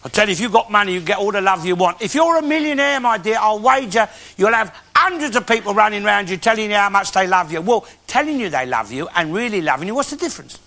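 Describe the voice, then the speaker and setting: A man's voice: high voice, animated, fast, hardly any pauses, pushed and bright, full character voice. An actor playing a bigoted, grumpy old working-class London man, swearing and blustering through a comic monologue for a live audience. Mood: ranting. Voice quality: blustering, swears a lot, cockney speech. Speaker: comic character in a live stage show. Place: theatre stage before an audience. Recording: noisy live TV show with audience laughter.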